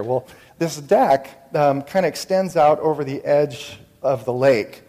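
A man telling a personal faith story in an earnest, reflective way, with many halting restarts. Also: a little high, mellow, long reverb tail.

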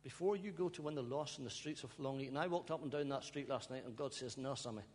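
A male pastor preaching and praying, pleading with his congregation, now and then breaking into soft laughter and sighs. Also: mid-range voice, quick pace. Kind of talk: emotional sermon and prayer. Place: church hall. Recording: long church reverb, faint hum.

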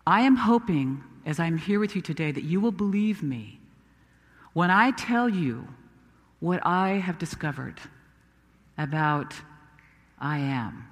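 A man acting out Moses, a humble prophet full of doubt, tells his story in a first-person dramatic sermon. The voice sits high and moves slowly and earnestly, leaning on pleading questions. It rings out with the long reverb of a large sanctuary. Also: animated. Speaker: preacher.

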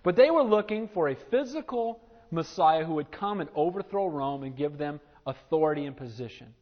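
A male pastor preaches in a high voice. He moves between soft, earnest passages and loud exclamations, often calling out to his listeners. The recording sounds muffled and lo-fi. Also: animated, moderate pace. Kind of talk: sermon.

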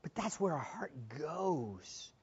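A woman preacher giving an impassioned sermon, moving between loud exclamations and hushed asides. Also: deep voice, big pitch swings, slow, slightly rough. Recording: dull lo-fi sermon recording.

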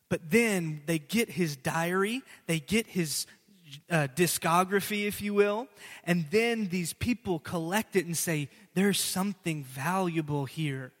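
Animated high-voiced male preacher in a hall. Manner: conversational, animated preaching with asides to the congregation. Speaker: pastor. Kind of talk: sermon. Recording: preached in a hall with long reverb.

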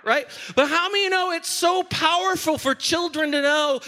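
Bright, high-voiced pastor preaching. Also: male voice, moderate pace, hardly any pauses. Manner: animated storytelling, playful. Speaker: senior pastor. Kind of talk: sermon. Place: church.

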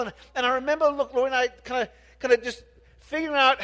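High-voiced pastor preaching in a reverberant hall. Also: male voice, quick pace, fairly bright tone. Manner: earnest, often restarts words and asks the congregation questions. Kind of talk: sermon. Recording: long reverb of a large hall.

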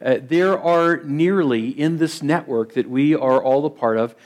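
A man's voice: on the high side, a little slow, darkish tone. A man, a district superintendent, opening as guest preacher with upbeat greetings to the congregation. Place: church sanctuary.

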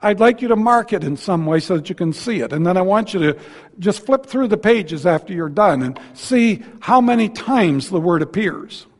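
A high-pitched man delivers a sermon in a church sanctuary, his voice trailing off in a long hall reverb. He talks in a folksy way and drops joking asides between his points. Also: animated, moderate pace. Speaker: guest preacher.

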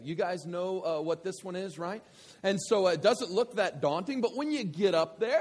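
A man in his thirties, a pastor telling a story in a sermon, going from hushed to shouting. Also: fairly high pitch, in a large hall. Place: church hall with audience.

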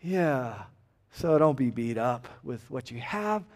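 A middle-aged man preaching a sermon, earnest, dropping to a hushed tone and then rising to emphatic calls for an amen. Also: medium pitch, lively intonation, a little slow. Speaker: pastor.

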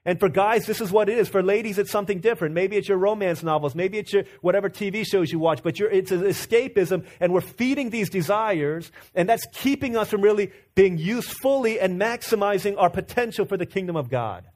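A man's voice: sits high, brisk, hardly any pauses, a little mellow. A man from Virginia preaching a sermon in a conversational, storytelling way, full of restarts and asides to the room.

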